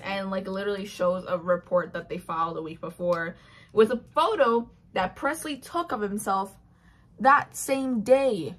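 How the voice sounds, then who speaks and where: Young woman, chatty book-recap vlogger, slightly husky tone, middle-height voice, gushing delivery that acts out each character. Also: medium pitch, normal speed. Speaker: book reviewer. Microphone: built-in mic.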